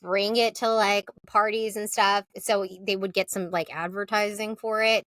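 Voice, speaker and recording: A woman co-hosting a podcast, chatting casually with quick jokey asides. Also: mid-range voice, flat delivery, a bit bright. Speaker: podcast co-host. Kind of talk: casual recap chat.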